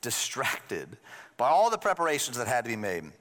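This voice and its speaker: A man's voice: mid-range voice, huge pitch swings, moderate pace, fairly bright tone, slight background noise. A male pastor preaching a sermon in a conversational way, with joking asides to the congregation. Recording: long hall reverb.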